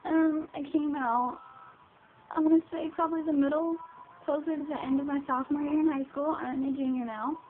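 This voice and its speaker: A seventeen-year-old girl records a personal vlog, talking to the camera in a high, steady, brisk voice. She speaks hesitantly with many ums and restarts, and the sound is tinny and lo-fi with hiss.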